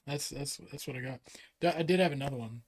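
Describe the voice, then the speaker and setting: A man's voice: mid-range voice, fast talker. A man co-hosting a casual podcast, rambling and joking with lots of "you know". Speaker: podcast co-host. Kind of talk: casual chat.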